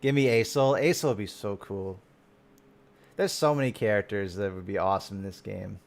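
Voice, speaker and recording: A man streaming live and reacting to game content in casual chat, excitable and swearing freely, often trailing off and restarting. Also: lowish voice, moderate pace, vocal fry.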